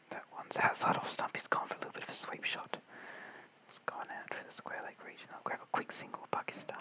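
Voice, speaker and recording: An Australian man giving whispered cricket commentary late at night at home, mic held very close, hushed and apologetic as he chats with viewers. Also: low-quality recording. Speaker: live stream cricket commentator. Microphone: held very close to the mouth.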